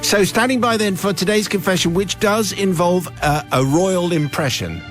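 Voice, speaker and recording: Lively man hosting radio. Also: sits high, normal speed, soft background music. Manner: lively storytelling with laughs and put-on voices. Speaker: radio host. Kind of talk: radio show reading a listener's letter.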